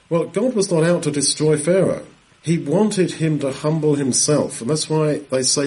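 Husky-voiced man preaching conversationally. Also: on the high side, normal speed, dark tone. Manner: asks rhetorical questions, clears throat often. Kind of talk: conversational Bible teaching.

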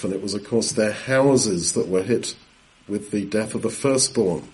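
A man preaching a sermon in a conversational Bible-teaching style, asking rhetorical questions and pausing to clear his throat. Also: lowish voice, lively intonation, a little mellow.

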